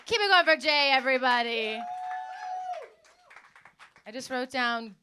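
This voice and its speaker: A woman hosting a live comedy interview on a club stage, reacting with amused, drawn-out remarks. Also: high voice, expressive, background noise.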